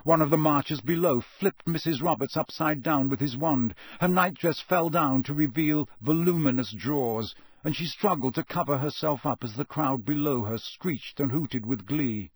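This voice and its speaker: A man narrating an audiobook in a steady, expressive storytelling voice. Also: medium pitch, moderate pace, slightly rough, no echo, studio quality. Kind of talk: scripted narration.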